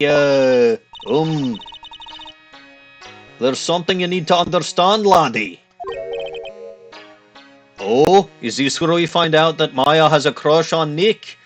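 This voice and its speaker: Streamer, male, slightly high voice, hammy fake Scottish brogue on game text, faint music under. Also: takes it slowly, pauses often. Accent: put-on Scottish. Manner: goofy, reads dialogue in a put-on Scottish accent. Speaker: let's play streamer. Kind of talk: game commentary with reading aloud.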